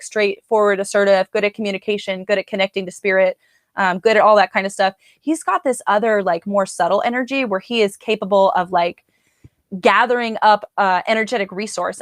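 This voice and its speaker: A woman's voice: mid-range voice, no room sound, clean studio sound. A woman doing a casual live-stream oracle card reading from home. She talks in a chatty, rambling way straight to her viewers.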